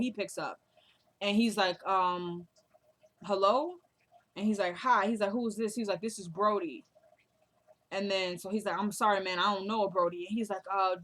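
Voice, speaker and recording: A woman recapping a TV drama episode in a casual chat, quickly quoting the characters' lines as she goes. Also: mid-range voice, a bit bright. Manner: chatty, quotes characters in quick asides. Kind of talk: casual recap, acting out dialogue.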